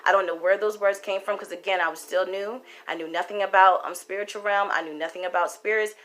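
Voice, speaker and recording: A woman's voice: mid-range voice, fairly even intonation, quick pace, hardly any pauses, a bit bright. A young woman who reads tarot, telling a personal story casually to camera, emphatic and repeating herself, swearing for emphasis. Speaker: tarot card reader.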